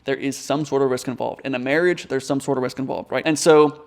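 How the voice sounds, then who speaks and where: Rapid-talking man giving business advice. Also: medium pitch, fairly even intonation. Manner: rapid, direct, conversational. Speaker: online business coach. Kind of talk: casual advice vlog.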